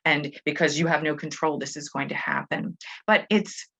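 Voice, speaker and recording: Middle-aged woman teacher talking to parents, chatty and self-correcting, bright lowish voice. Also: moderate pace, vocal fry, slightly rough. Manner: chatty, with frequent restarts and fillers. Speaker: Montessori school educator. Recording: dull lo-fi audio.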